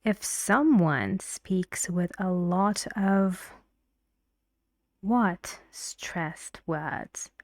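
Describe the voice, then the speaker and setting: Woman teacher, slow, measured, dry close sound, breathy asides. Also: fairly low pitch, dry recording. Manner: slow, deliberate explanations with frequent soft, half-whispered phrases. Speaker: English teacher. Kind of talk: explaining pronunciation in a language lesson.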